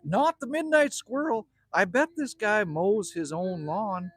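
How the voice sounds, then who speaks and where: A man's voice: high-pitched, a little slow, husky, dry recording. A middle-aged Canadian man hosting a casual outdoor livestream, joking and greeting viewers by name as he reads their comments. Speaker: livestream host. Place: outdoors at a cabin.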